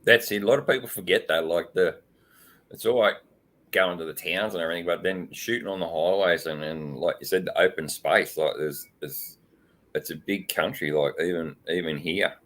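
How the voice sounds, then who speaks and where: A man's voice: deep voice, normal speed, a bit bright. An Australian man hosting a casual live-stream chat, rambling with lots of fillers and frequent laughs. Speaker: host.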